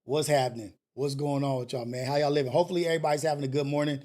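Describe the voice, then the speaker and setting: A man hosting a live call-in stream, talking casually and preachily, swinging between loud scolding and low murmurs. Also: fairly even intonation, very fast. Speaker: host of a live call-in show.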